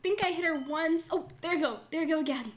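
A woman's voice: very high voice, fast talker, a little hiss or hum. A young woman narrating a Minecraft role-play as game master, then playing frantically and swearing through the fights. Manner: frantic, swearing during combat.

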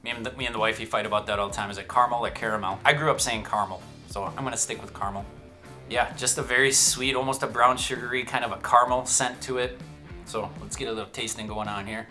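A man's voice: medium pitch, fairly even intonation, fast talker, bright, forceful tone, faint music behind. A man giving a casual whiskey tasting review, chatty and self-amused, with joking asides. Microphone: shotgun microphone.

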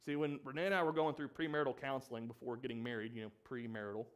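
A man's voice: medium pitch, level tone, racing. A young man preaching a sermon as pastor, asking the congregation questions and acting out the quoted lines of the story. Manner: acts out quoted pleas with rising emphasis.

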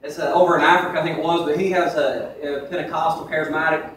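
A man's voice: a little high, fairly even intonation, fast talker, fairly bright tone, slight background noise. A young man preaching a sermon in a conversational way, with asides, in a church sanctuary. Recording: echoey room from far off.

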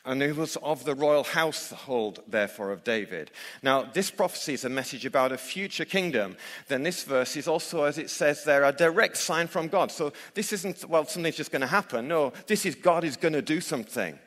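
A man's voice: a little high, animated, fairly quick, fairly bright tone, long reverb tail. A man preaching a sermon in church, emphatic and full of rhetorical questions for his listeners. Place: church hall.

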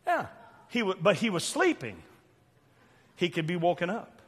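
Older male Southern preacher, high bright voice, fiery sermon in a reverberant sanctuary. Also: wildly swooping pitch, moderate pace, husky. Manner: loud, preachy, sudden shouts and quiet asides. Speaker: pastor. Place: church sanctuary. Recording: long church hall reverb.

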